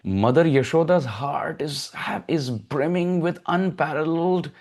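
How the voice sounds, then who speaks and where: A man giving a devotional storytelling lecture, chanting verses and acting out characters' lines. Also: a little slow. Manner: animated, acts out mothers' voices in high tones, chants verses. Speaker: preacher.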